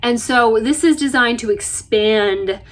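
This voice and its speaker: A woman vlogger from the United States talking in a chatty, self-deprecating way, telling stories with lively asides. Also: fairly high pitch, measured pace. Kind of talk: casual chat. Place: RV interior.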